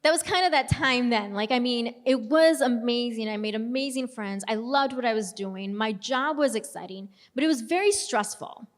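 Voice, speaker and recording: A woman's voice: fairly high pitch, moderate pace, hardly any pauses. A young adult woman telling her own story as a personal testimony, casual and storytelling, with self-deprecating humor. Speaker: speaker giving a testimony. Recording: long hall reverb.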